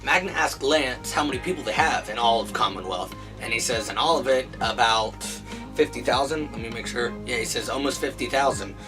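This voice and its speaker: A man's voice: medium pitch, fairly quick. A man hosting a casual comic book review show, retelling stories and acting out characters' lines, with faint music behind. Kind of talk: casual chat recapping comics.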